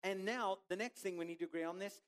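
Pastor guy with a high voice, chatty sermon in a church, cracks jokes w the crowd. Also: fast, clean tone. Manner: conversational, joking with congregation. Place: church auditorium.

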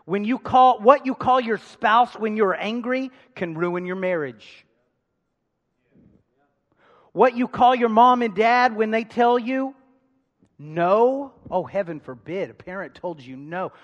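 A man preaching a sermon, calling out to the congregation for responses and swinging between loud emphasis and hushed asides. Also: high voice, expressive, slow pace, highs cut off. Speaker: pastor. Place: large church hall. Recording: long hall reverb.

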